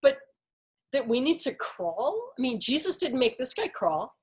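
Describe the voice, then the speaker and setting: A woman's voice: sits high, very animated, unhurried, a little mellow. A woman leading a casual Bible study discussion, explaining thoughtfully with examples and many "like"s and "you know"s.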